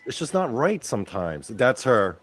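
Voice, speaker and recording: A male host giving rambling, profane, excitable commentary over wrestling footage. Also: mid-range voice, moderate pace, faint music behind.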